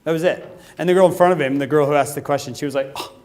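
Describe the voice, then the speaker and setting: A man giving a humorous talk to a youth conference, telling a story with lively acted-out quotes. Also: on the high side, very fast. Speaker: youth speaker. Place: conference hall.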